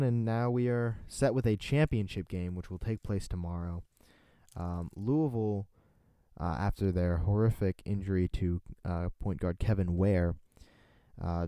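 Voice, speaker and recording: A North Carolina man in his late teens hosts his own amateur radio show, his voice low and dark with no echo. Using headphones and a desk mic, he rambles solo and mocks himself, full of fillers and restarts.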